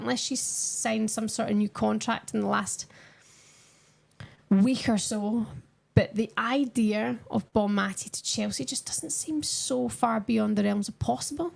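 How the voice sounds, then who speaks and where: A woman's voice: on the high side, normal speed, gravelly, darkish tone. A young woman chatting casually with her viewers on a live stream while she watches a football match and answers their comments.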